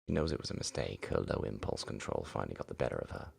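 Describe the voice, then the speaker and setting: A man streamer reading a visual novel game aloud in low, dramatic narration, with reactions in between. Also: big pitch swings, fast talker, creaky, a little mellow, breathy edge.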